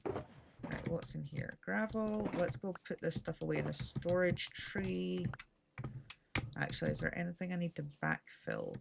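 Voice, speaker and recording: A Scottish woman streams a game while chatting casually, rambling with dry humor. Her lowish voice is animated with vocal fry and a measured pace, set against a noisy background.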